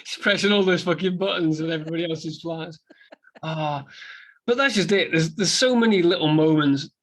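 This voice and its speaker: A man's voice: fairly high pitch, moderate pace, fairly bright tone. A man, a guest on a podcast, talking enthusiastically about films and swearing freely. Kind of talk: casual film chat.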